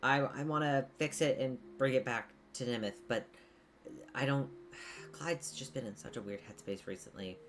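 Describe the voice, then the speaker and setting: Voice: medium pitch, music in the background, close to an everyday voice. A game master voicing a flustered, rambling young adventurer. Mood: worried. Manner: halting, full of fillers and restarts. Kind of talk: voicing a character in a tabletop game.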